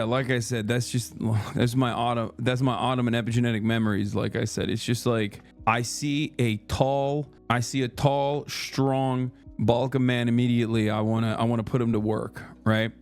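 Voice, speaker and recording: A man livestreaming in casual chat, telling stories in a profane, animated way with lots of fillers. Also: medium pitch, normal speed, faint music behind.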